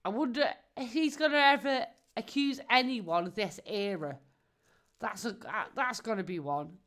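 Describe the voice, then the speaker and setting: A woman, a live streamer chatting casually and mocking her subject. Her voice sits a little high, and she laughs often and swears without a second thought. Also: moderate pace, fairly bright tone.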